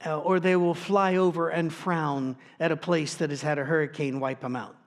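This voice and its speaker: Conversational preacher man, slightly high voice. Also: fairly even intonation, normal speed. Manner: conversational storytelling, plain and informal. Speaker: pastor. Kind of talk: sermon.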